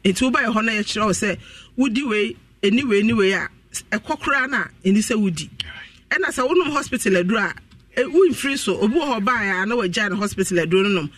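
A high-voiced man rattles off health advice at a quick clip on a radio talk show. He sounds set back from the microphone, earnest and explanatory as he walks listeners through what to do. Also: animated, a bit bright, no room sound. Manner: rapid, earnest explaining and advising. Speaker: health practitioner guest on radio. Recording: voice distant from the microphone.

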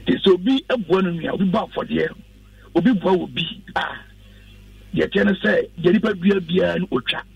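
High-voiced gravelly pastor. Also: male voice, fairly quick, no echo, recorded from a distance, muffled recording. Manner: earnest, instructive, quotes scripture. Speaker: pastor, radio guest. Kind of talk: preaching-style radio talk.

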